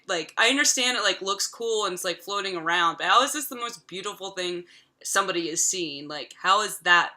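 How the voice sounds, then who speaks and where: Bright-voiced chatty woman in her thirties. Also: medium pitch, lively intonation, normal speed. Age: 30s. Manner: chatty, profane, peppered with filler words. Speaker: vlogger. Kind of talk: casual retelling of a film from memory.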